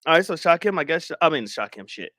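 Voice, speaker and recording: A young man talks to his stream chat in a loose, swearing way. His voice sits high and jumps all over the place. The sound is dry and close. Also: fast, no room sound. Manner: animated, swearing, laughing, talking to chat. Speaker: livestream host.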